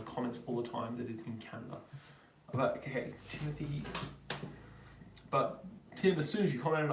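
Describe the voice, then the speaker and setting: A man's voice: medium pitch, distant mic, slight background noise. Easygoing Australian man on a roomy live stream. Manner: reads viewer questions aloud, then rambles answers with many ums. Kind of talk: casual live Q&A chat. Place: home in Germany.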